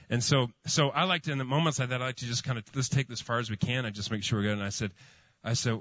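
A man's voice: mid-range voice, fairly even intonation, fast talker, a bit bright, dry recording, muffled recording. A man preaching a sermon as pastor, telling a story with many fillers and restarts.

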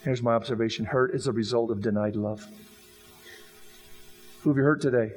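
A man's voice: mid-range voice, moderate pace, long pauses, husky. A man preaching a sermon, telling jokey stories and acting out the quoted lines. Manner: animated, jokey storytelling with acted-out quotes. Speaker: pastor. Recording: long reverb of a hall.

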